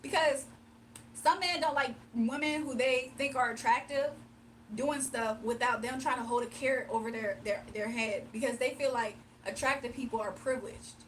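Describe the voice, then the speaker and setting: Young woman, livestream host, high voice, teasing and giggly, slightly off-mic. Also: moderate pace, fairly bright tone, recorded from a distance, slight background noise. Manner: playful, teasing, laughs often, mimics commenters in a deep voice. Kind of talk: casual livestream chat, reading comments.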